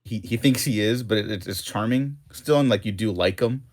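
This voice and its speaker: A man's voice: on the low side, brisk, a little mellow. A man co-hosting a casual comic book discussion, talking in a loose, rambling way with lots of "like" and fillers. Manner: rambling, heavy use of "like" and fillers. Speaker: co-host.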